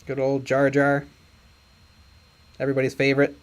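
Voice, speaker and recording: This man co-hosts a late-night stream where he paints miniatures and chats casually. His medium-pitched voice is completely flat and moves at a moderate pace, even as he tells rambling stories and acts out voices.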